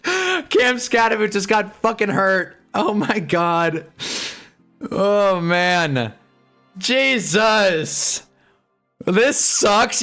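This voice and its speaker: A man's voice: sits high, sing-song, drawn-out words, long pauses, sharp tone, soft background music. A man giving frustrated, profane commentary while watching a game live on a stream. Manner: swears a lot, frustrated fan reactions.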